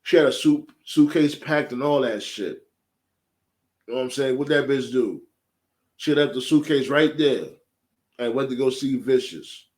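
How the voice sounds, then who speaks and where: A man giving a casual, animated, profane recap of a show, full of slang. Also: mid-range voice, normal speed, long pauses. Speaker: show reviewer.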